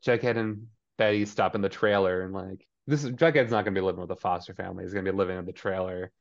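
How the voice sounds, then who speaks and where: A man's voice: deep voice, steady tone, quick pace, gravelly. Chatty man recapping, dull lo-fi sound. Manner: chatty, filler-heavy, throws in voices for characters. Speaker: podcast co-host. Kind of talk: casual TV recap chat. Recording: dull lo-fi audio.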